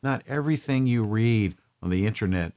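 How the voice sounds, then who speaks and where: Male podcast co-host, casual chat, opinionated and lecturing, slightly low voice. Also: brisk, darkish tone.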